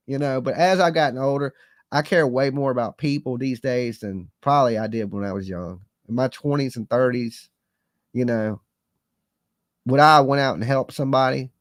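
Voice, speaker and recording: A man's voice: mid-range voice, no echo, studio quality. A man in his forties, a live-stream host, talking casually in a rambling, earnest and folksy way with slang to his viewers.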